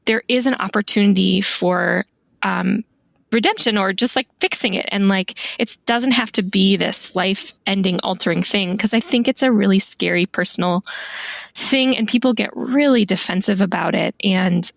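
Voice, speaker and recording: A woman with a gravelly, fry-tinged voice, a little rough from the morning, chats casually as a podcast guest. She speaks thoughtfully and leans on "like" as she works through her ideas. The recording is close and dry. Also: medium pitch, moderate pace, no room sound. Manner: thoughtful, lots of "like" fillers. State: morning voice, clearing throat. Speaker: guest stationery calligrapher.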